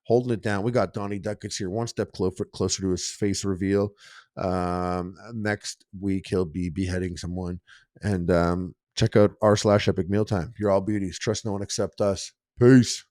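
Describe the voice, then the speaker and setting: A man's voice: low voice, little pitch movement, moderate pace, darkish tone, no room sound, clean studio sound. A man hosting a casual podcast who rambles through his stories with lots of fillers. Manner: rambling, filler-heavy storytelling. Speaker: podcast host.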